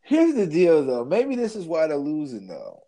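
A man co-hosting a podcast, talking sports in loose, animated chat, laughing often and trailing off mid-sentence. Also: a little high, moderate pace. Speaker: podcast co-host.

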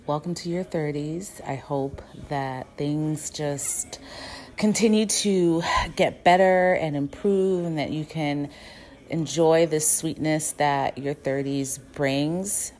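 A woman recording a warm birthday message for a close friend, affectionate but blunt and profane. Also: low voice.

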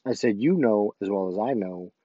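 A man's voice: on the low side, normal speed, no echo. Man, army sergeant, casual storytelling, acts out dialogue, dry close sound, slightly dull audio. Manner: animated, acts out quoted dialogue.

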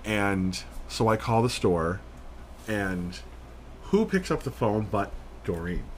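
A man co-hosting a podcast, telling a story in casual chat, rambling and animated, full of "like". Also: fairly low pitch, takes it slowly, slight background noise. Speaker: podcast co-host.

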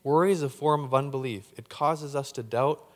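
A man's voice: medium pitch, normal speed, in a large hall, noisy background. A man preaching a sermon, getting fired up and tripping over repeated words as he talks. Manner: excitable, gets hyped up when preaching. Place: church hall.

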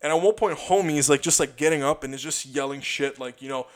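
A man's voice: a little high, brisk. A young man, a comedian, telling loose stories in a rambling, profane way, full of restarts and "dude". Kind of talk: casual storytelling monologue.

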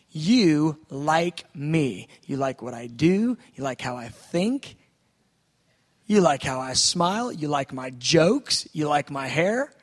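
A man preaching a sermon, moving between quiet reflective speech and loud, excited outbursts as he acts out prayers. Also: medium pitch, big-room sound. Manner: swings from soft musing to loud excited outbursts.

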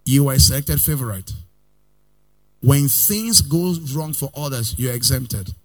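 A male pastor preaching a sermon, swinging between loud outbursts and quiet asides, sometimes in a sing-song cadence and calling on his listeners to repeat after him. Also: mid-range voice, lively intonation, unhurried, soft background music. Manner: calls the congregation to repeat lines after him.

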